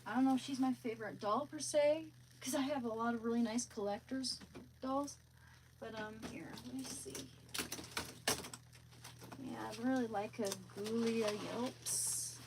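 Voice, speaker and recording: A woman's voice: a little high, measured pace, background noise. A woman live streaming, chatting casually with viewers in a rambling, hesitant way, often searching for words.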